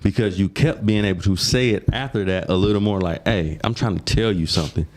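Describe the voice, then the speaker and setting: A man co-hosting a podcast, steering the conversation in a relaxed, casual way. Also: lowish voice, brisk. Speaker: podcast co-host.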